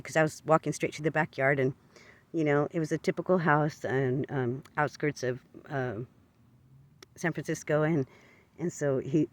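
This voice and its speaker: A man's voice: on the high side, steady tone, moderate pace. A man telling a personal story to camera in an earnest, confessional way, often stopping to restart and repeat his phrases. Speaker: vlogger.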